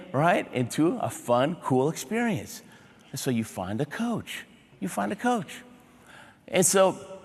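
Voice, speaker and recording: A motivational keynote speaker telling humorous stories in short, punchy phrases, checking in with a large audience. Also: male voice, a little high. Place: large auditorium before a big audience. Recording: reverberant hall sound.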